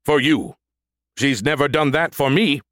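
A man's voice: mid-range voice, sing-song, measured pace, fairly bright tone, no echo, voice pushed up. A man voicing a boastful, sulky male combat robot who stutters as he glitches, in an audiobook. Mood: indignant. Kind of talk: audiobook character voice.

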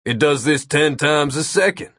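A man's voice: fairly high pitch, moderate pace, fairly bright tone, no echo, pitched above the performer's own voice. A man plays a smug wizard who lectures with mocking relish, his voice lifted a little above the narration. The sound is dry and close, like a studio audiobook. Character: smug, teasing male wizard.

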